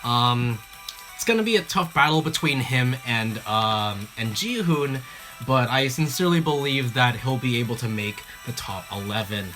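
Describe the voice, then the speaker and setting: An excitable host talking casually on a livestream, full of fillers and quick restarts. The voice sits at a middling pitch, with faint music playing underneath. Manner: excitable, chatty, many fillers and restarts, giggly. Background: faint background music.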